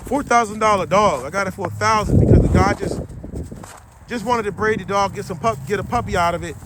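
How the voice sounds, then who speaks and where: A man's voice: sits high, fairly even intonation, fast talker. A middle-aged man, a dog breeder, giving blunt, slangy, preachy advice in an outdoor vlog rant. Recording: loud wind and boat noise.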